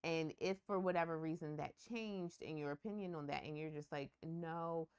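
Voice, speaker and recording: A woman co-hosting a relationship podcast, talking in a relaxed, conversational way with wry asides. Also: low voice, a little fast, clear, resonant tone. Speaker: podcast co-host. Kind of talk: casual relationship chat.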